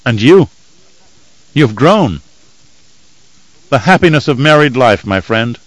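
A man's voice: medium pitch, lively intonation, takes it slowly, no room sound, low-quality recording. A man reading an audiobook voices a boisterous desert warrior greeting an old friend with teasing. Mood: hearty teasing. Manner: hearty, teasing.

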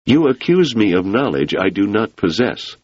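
A man's voice: lowish voice, sing-song, moderate pace, a little mellow, slightly rough, no echo, highs cut off, pitched above the performer's own voice. A man reading the part of a cautious, reluctant male scholar who talks in a guarded, dry way.

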